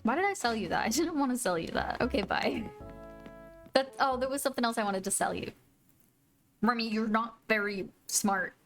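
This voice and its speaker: A woman's voice: a little high, big pitch swings, fast, gravelly. A woman live-streaming a video game, chatting casually with viewers and gushing over her pets. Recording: faint music behind.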